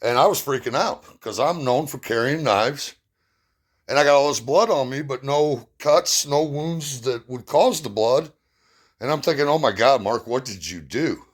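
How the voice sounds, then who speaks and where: A man's voice: mid-range voice, measured pace. Man, mid-range voice, personal storytelling, blunt, plain-spoken, emphatic.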